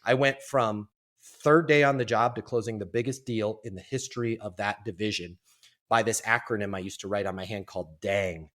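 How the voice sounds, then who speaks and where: A man telling a story as a podcast guest, in a lively, animated way and acting out what people said. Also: lowish voice, brisk. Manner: animated, lively storyteller who acts out quotes. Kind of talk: storytelling in a casual interview.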